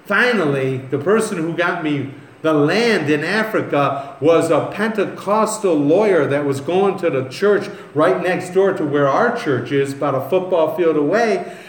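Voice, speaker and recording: A man delivers a sermon at an unhurried pace, moving between scripture and conversational stories. His voice sits a little high for a man. The room adds a noticeable echo, with a faint ambient noise behind him. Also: expressive. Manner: conversational, reads scripture then tells stories. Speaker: preacher.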